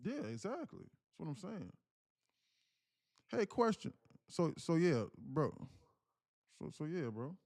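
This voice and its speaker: A man's voice: a little high, big pitch swings, slow, gravelly, pauses often, darkish tone. A man talks loosely to his live-stream audience, full of slang and restarts. He circles back to the same phrases as he pushes his advice. The tone stays earnest and insistent, like a coach leaning on his crowd. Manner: slangy, repeats himself, keeps calling out "guys, listen". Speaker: day-trading livestream host. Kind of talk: casual live-stream talk to viewers.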